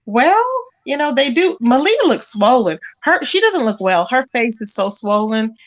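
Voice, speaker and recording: Woman, livestream host, gossip chat, animated, fairly high voice. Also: moderate pace. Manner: animated, calls listeners "child".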